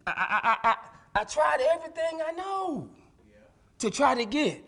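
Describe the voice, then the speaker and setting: A man's voice: extremely high pitch, very animated, a little slow, creaky, bright, forceful tone, voice pushed up, exaggerated voice. A male preacher voicing a weary sick man who pleads and stammers about his failed tries to be healed. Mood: pleading.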